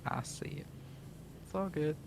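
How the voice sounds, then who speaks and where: A man's voice: on the high side, measured pace, gravelly. A man with a London accent chatting casually while streaming a co-op game, reading out jokes and greeting viewers. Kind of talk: casual co-op gaming chat.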